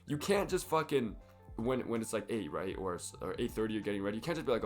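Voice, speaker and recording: A young man with a croaky, sick voice, rambling casually and profanely to camera in a fitness vlog. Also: medium pitch, animated, rapid-fire, soft background music. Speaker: fitness vlogger.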